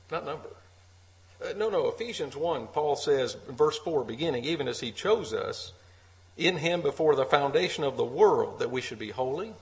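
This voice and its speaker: A man's voice: fairly high pitch, low-quality recording. A man preaching an earnest sermon at a church meeting, repeating key phrases for emphasis.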